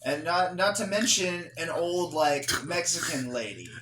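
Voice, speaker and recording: A man's voice: on the high side, animated, measured pace, heavy background noise. A man chatting casually on a podcast, swearing as he recalls a story. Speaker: podcast co-host. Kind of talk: casual chat. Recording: roomy echo with crowd chatter.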